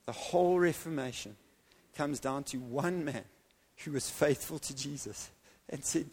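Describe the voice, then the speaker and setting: A man preaching a sermon in an evangelical church, telling a story with animated delivery and dramatic pauses. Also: medium pitch, husky.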